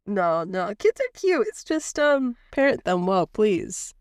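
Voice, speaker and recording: Her voice is medium-pitched, sing-song, clear and resonant, and she takes her time as she laughs through animated stories, doing voices for the people in them. This American podcast co-host is recorded dry, with clean studio sound, during a casual chat.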